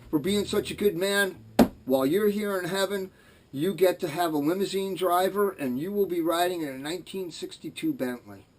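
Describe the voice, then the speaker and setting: A man's voice: high-pitched, moderate pace, a little mellow, distant mic, a little hiss or hum, natural voice. A man voicing Saint Peter, a stern old gatekeeper of heaven, in a joke, in a plain, matter-of-fact way.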